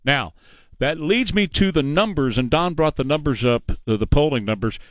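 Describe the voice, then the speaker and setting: A middle-aged man hosting a talk show, delivering a combative, sarcastic political monologue at a fast clip. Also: fairly high pitch, expressive, no room sound. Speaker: radio talk show host.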